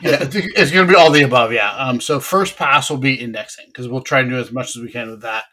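Man explaining databases, relaxed. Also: mid-range voice, fast talker, a crowd in the background. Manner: explanatory, relaxed, uses examples. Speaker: database consultant guest. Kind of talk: casual podcast interview.

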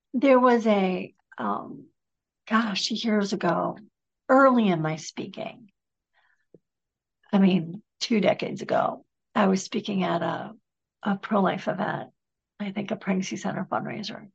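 A woman guest speaker telling a story in an interview, often dropping to a soft whisper. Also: medium pitch, slow pace, creaky, pauses often, slightly rough, muffled recording. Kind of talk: conversational interview.

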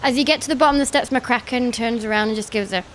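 A woman from northern England narrating a tabletop game as game master, lively and laughing often. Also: a little high, fast talker, slight background noise.

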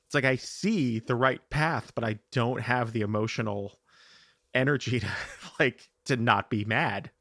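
A tired man hosting a podcast, talking in a rambling, halting, self-deprecating way over a call. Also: medium pitch, a bit bright, dry recording, clean studio sound. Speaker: podcast host and producer. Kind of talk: casual conversation over a call.

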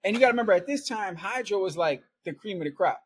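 A man's voice: high voice, expressive, quick pace, slight background noise. Laughing, rambling man telling a story. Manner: rambling, laughs often, repeats "right?" and "man". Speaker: podcast guest storyteller. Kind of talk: casual storytelling.

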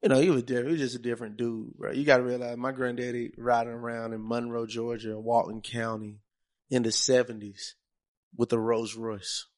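A man's voice: medium pitch, flat delivery, brisk, a little mellow. A young man hosting a podcast, telling stories in loose, slangy casual chat. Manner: loose, storytelling, heavy slang. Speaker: podcast host.

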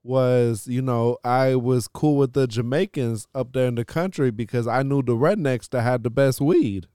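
Brief: man, teasing co-host with dry humor, smooth clear voice, close dry sound. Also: mid-range voice, normal speed, mellow, no echo. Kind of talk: casual chat.

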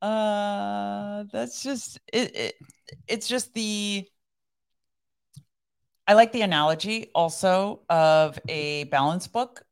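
A woman's voice: medium pitch, slow, vocal fry, smooth. A woman co-hosting a devotional podcast, talking earnestly in a casual chat and reading scripture aloud with emphasis. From Iran. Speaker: podcast co-host.

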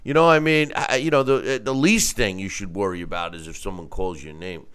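A middle-aged man hosting a casual talk show, animated and quick to act out other people's voices. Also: clean tone. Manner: animated, acts out quoted voices in mock falsetto.

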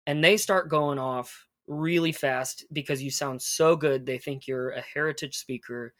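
A man teaching conversational Spanish, patiently explaining and modeling phrases slowly. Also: a little high, fairly bright tone, dry recording, clean studio sound.

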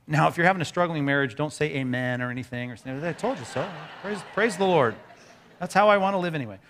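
A man pastor preaching a sermon in a conversational, animated way, with quick asides to the congregation. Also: on the high side, noisy background.

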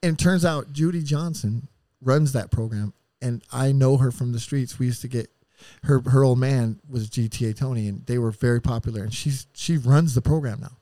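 This podcast guest from the San Diego area tells his rough story candidly, at a moderate pace with few pauses. His average-pitched voice sounds close and dry with no room echo, and his manner is bluntly profane and animated, switching into quoted voices as he retells what happened.

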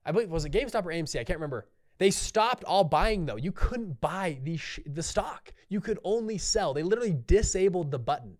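A man's voice: sits high, expressive, a little fast, a little mellow. A man hosting a solo podcast, talking casually and rambling off on tangents with lots of restarts and fillers. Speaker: podcast host.

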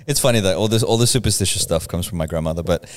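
A man's voice: low voice, fast. A man from the Philippines, co-hosting a podcast, telling stories in casual chat and laughing often. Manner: animated storyteller, laughs often. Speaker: podcast co-host.

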